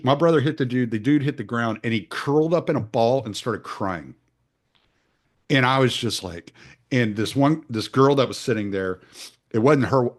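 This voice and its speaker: A middle-aged man hosting a podcast, telling stories in blunt, profane casual talk that gets animated. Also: fairly low pitch. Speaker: podcast host. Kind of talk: casual conversational storytelling.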